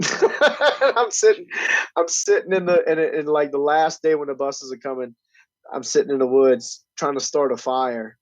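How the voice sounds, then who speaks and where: A man telling stories in casual, profane podcast chat, animated and loud on quoted lines. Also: fairly high pitch, moderate pace, no echo. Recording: dull, dry lo-fi recording.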